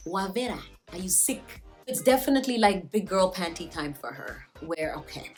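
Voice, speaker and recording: A woman's voice: on the low side, expressive, moderate pace, few pauses, soft background music. A woman recapping a TV episode in a casual vlog, joking and slangy. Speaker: TV show reviewer.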